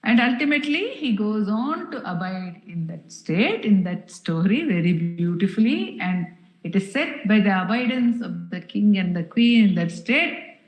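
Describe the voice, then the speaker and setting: A woman giving a satsang discourse as a spiritual teacher, telling stories in a slow, measured way with pauses. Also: mid-range voice, animated. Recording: echoey room.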